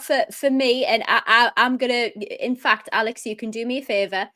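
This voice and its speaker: Woman, football co-host, casual match chat, enthusiastic, quick-talking. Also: fairly high pitch, steady tone, sharp tone.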